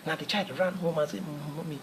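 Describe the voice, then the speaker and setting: A man's voice: on the high side, brisk, noisy background. A man giving a motivational talk in an earnest, repetitive, preacherly manner, often restarting his phrases. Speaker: motivational speaker.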